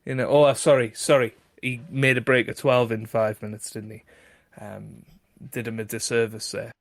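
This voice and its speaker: A man co-hosting a comedy podcast in a casual chat, self-deprecating and quick to laugh, with frequent stammering restarts. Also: mid-range voice, level tone, creaky, no echo. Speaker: podcast co-host.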